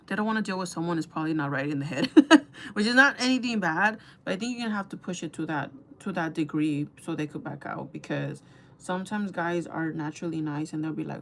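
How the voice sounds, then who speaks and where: A young woman talks casually to her viewers while she does her makeup, gossipy and chatty. Her voice sits a little low for a woman. Faint hiss runs under the recording. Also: quick pace, creaky, fairly bright tone. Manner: chatty, gossipy, addresses viewers as girl and guys. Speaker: beauty vlogger.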